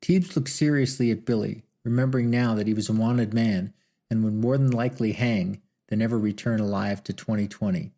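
Male audiobook narrator, gravelly, husky, low, steady storytelling. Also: fairly quick.

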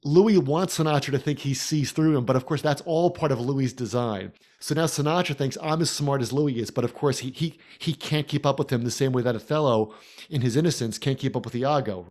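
Guy cohosting a film podcast, retelling scenes in vivid detail, middle-pitched voice. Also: brisk. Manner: animated storyteller, recounts scenes in detail. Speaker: podcast co-host. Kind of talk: casual film analysis.

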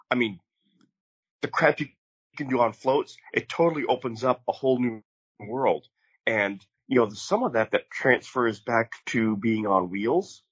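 A middle-aged man co-hosting a podcast, telling flying stories in a relaxed, rambling way with many fillers. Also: medium pitch, slightly rough, no echo. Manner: rambling, many fillers, laid-back storytelling. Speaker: podcast co-host, bush pilot. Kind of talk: casual podcast chat. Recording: dry, slightly dull podcast mic.

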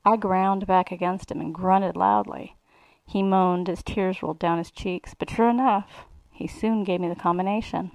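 A woman's voice: on the low side, fairly even intonation, moderate pace, darkish tone, dry recording, poor audio. A woman reading a first-person erotic story aloud in a sly, relishing way. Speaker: reader.

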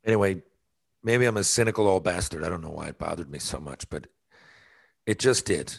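Male podcast host, slightly low voice, casual argumentative monologue. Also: animated, a little fast, gravelly, breathy edge. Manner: exasperated, argumentative, laughing at himself.

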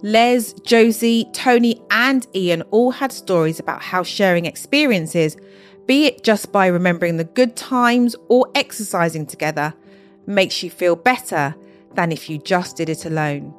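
A woman hosting a podcast, interviewing guests and reading measured scripted narration. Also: medium pitch, faint music behind. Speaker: podcast host.

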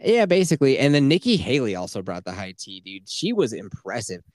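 A man talking politics on a podcast in a loose, profane, rambling way. He keeps acting out what other people said in quick quotes. His pitch sits in the middle range, and his voice is recorded close on a dry mic. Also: big pitch swings, darkish tone, dry recording. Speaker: podcast co-host. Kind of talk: casual political chat.

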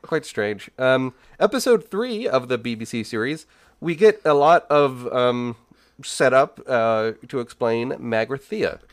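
A man co-hosting a podcast, speaking in a measured, thoughtful way with frequent fillers. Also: mid-range voice, expressive, no room sound, studio quality. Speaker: podcast co-host. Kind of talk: casual discussion.

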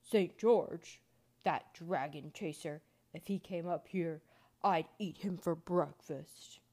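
A woman doing a booming giant. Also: takes it slowly, dark tone. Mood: scornful. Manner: booming, bellowing. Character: huge booming three-eyed male giant, greedy.

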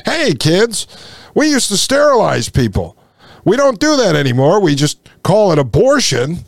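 A man's voice: high-pitched, huge pitch swings, unhurried, vocal fry, dry recording, studio quality, full character voice. A man putting on a mocking, cheerful schoolteacher voice talking to kids.

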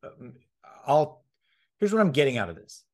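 A man talking on a casual podcast, his voice sitting at a middle pitch. He gets fired up easily, swears freely and keeps restarting his sentences between bursts of laughter. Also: sing-song, normal speed. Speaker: podcast host.

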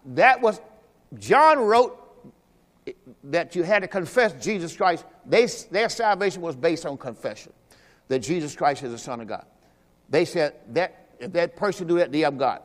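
A high-voiced man preaching in a church, speaking. He swings from loud, pressing exhortation to low, confiding asides as he works through scripture. His voice rings out with a long reverb through the hall. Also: lively intonation, normal speed. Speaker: pastor. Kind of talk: sermon. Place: church during a Sunday service.

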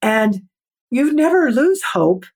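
A middle-aged woman, a podcast guest, telling a personal story in an earnest, reflective way and slowing down for emphasis. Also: fairly high pitch, big pitch swings, darkish tone. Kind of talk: storytelling in an interview.

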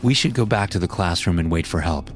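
A man's voice: sits low, brisk, soft background music, lightly acted. A man voicing a frightened young female student who hesitates and stammers in a horror story. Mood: shaken.

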